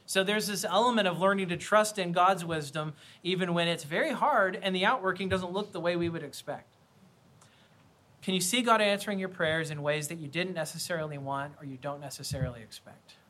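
Bright, high-voiced male preacher. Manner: earnest, conversational preaching with repetitions. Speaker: pastor. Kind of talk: sermon.

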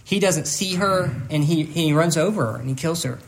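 Earnest high-voiced male preacher. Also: lively intonation, creaky, a little hiss or hum. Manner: emotional, close to tears at times, earnest; halting, repeats words. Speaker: pastor. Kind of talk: sermon.

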